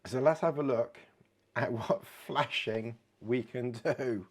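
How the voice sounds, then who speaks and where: A British watch reviewer with a medium-pitched voice gives a casual product demo, taking his time, chatting away and giggling at his own jokes.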